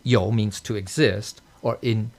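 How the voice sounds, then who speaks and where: A man's voice: lowish voice, fairly even intonation, measured pace, a little mellow. A man teaching a casual study class, rambling with many fillers and "okay?" checks. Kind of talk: casual spoken lecture. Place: temple study session.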